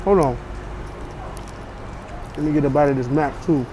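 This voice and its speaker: A man's voice: fairly high pitch, moderate pace. A man hosting a casual food review vlog. He talks bluntly and with lots of slang, giving opinions on each dish. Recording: noisy outdoor street sound.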